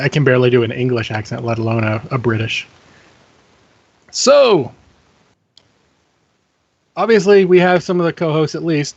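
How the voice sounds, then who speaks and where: A man hosting a casual gaming podcast, playful and teasing, with halting restarts. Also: mid-range voice, dull audio. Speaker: podcast host.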